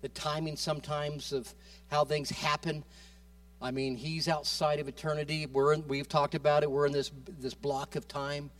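Impassioned preacher man, higher voice. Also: little pitch movement, moderate pace, dry recording, distant mic. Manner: impassioned, swings between loud exhortation and soft quiet passages; repeats words and restarts often. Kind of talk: sermon.

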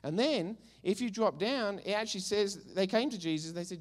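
A middle-aged man with an Essex English accent, preaching a sermon with jokey asides and loud bursts of enthusiasm. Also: sits high, moderate pace. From England.

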